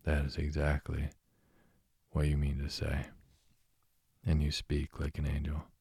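A playful young woman who loves to tease her friend, read out by a man. His voice stays very low, slow and level, husky and dark, and it sounds close and dry. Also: no echo, full character voice. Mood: teasing. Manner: slow, soft, even reading.

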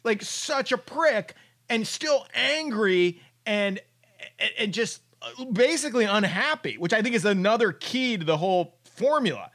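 A man's voice: high voice, lively intonation, a little slow, fairly bright tone. A man hosting a casual sports chat, riffing with profane, sarcastic humor.

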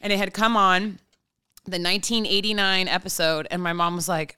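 A woman in her thirties, a podcast guest, telling family stories in an animated, joking way. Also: on the low side, a little fast, smooth, no echo, clean studio sound. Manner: animated, jokey storyteller. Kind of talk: casual chat, storytelling.

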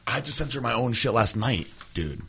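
A man's voice: medium pitch, sing-song, fairly quick, vocal fry, fairly bright tone, slightly rough. A man hosting a podcast, telling a rambling, profane story in casual chat and breaking into laughter. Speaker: podcast host.

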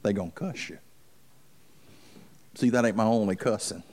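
A male pastor preaching a fervent sermon, repeating himself and building up loud as he tells stories. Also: fairly low pitch, normal speed. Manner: fervent, builds up loud while telling a story; repeats himself and restarts for emphasis.

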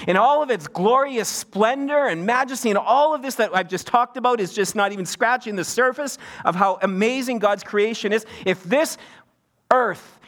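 High-voiced, swooping middle-aged male preacher. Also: a bit bright. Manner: wide pitch swings, rising to emphatic peaks. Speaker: pastor. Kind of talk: sermon.

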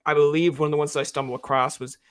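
A man hosts a casual podcast chat, his voice sitting a bit high for a man. He jokes freely and rambles, stringing thoughts together with plenty of fillers. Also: flat delivery, racing, smooth. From Newfoundland. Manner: joking, rambling with many fillers. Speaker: podcast host.

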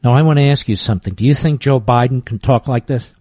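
A man's voice: medium pitch, fast talker, mellow, no room sound. A man hosting political talk radio, combative and emphatic in his commentary, often scornful. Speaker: radio talk show host.

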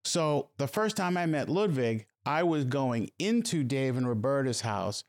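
Middle-aged guy telling a story on a podcast, keeps restarting his sentences, average pitch. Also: sing-song. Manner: halting, restarts and repeats words. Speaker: podcast guest, host's stepfather. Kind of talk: casual storytelling.

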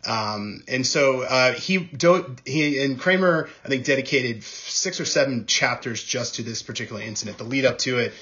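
A man speaking as a guest on an interview podcast, answering in a measured, thoughtful way with frequent ums and uhs. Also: medium pitch, fairly bright tone, dull audio. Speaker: podcast guest, former speechwriter. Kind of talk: conversational interview.

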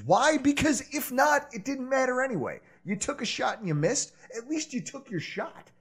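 A man with a high, husky voice runs a loose sports podcast chat. His pitch swings widely as he rants, laughs and throws in curses. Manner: animated, laughs a lot, swears freely. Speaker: podcast host.

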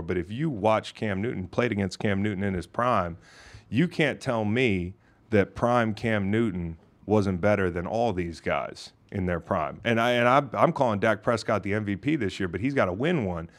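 A man hosting a casual sports podcast in a studio, telling stories loudly and laughing often. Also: lowish voice. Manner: loud, laughing, rapid storytelling. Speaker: podcast host.

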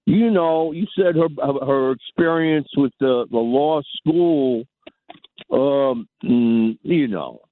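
A man's voice: mid-range voice, takes it slowly, dry recording. A man calling in to a radio show, hesitant and full of fillers, backing down politely. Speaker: caller. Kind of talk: phone-in call. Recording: tinny phone line.

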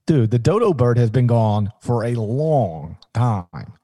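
A man chatting on a podcast, his voice mellow and warm in tone but swinging widely in pitch as he jokes and spins stories. The sound is dry and close, with no room around it. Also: slow pace, no echo. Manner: animated, jokey storytelling with restarts. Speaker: podcast co-host, sports analyst. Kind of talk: casual podcast banter.

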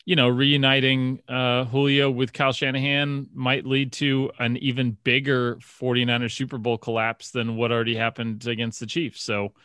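A man's voice: mid-range voice, flat delivery, normal speed, hardly any pauses, sharp tone, clean tone, no room sound, clean studio sound. A man co-hosting a sports podcast, chatting casually and rambling through stories with lots of fillers and restarts. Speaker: podcast co-host.

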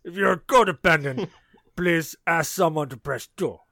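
A man voicing a prank mental-health hotline menu, reading the options in a flat, recorded-message way. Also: on the high side, a little slow, vocal fry, dry recording, clean studio sound, heavily acted. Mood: deadpan. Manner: deadpan menu reading with running jokes.

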